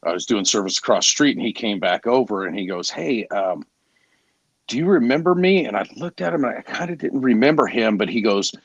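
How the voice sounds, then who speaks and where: A man's voice: fairly low pitch, lively intonation, fairly quick, hardly any pauses, breathy edge, no echo, highs cut off. A man in his forties, a garage door salesman, telling candid stories in a casual podcast chat and acting out the people he quotes. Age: 40s. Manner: candid, storytelling, quoting others in voices.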